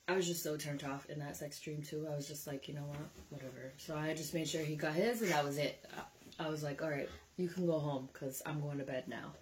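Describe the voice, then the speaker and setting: A woman's voice: deep voice, a little fast, a little mellow, slight background noise. A young woman vlogging casually, chatty and candid and swearing freely as she tells a story.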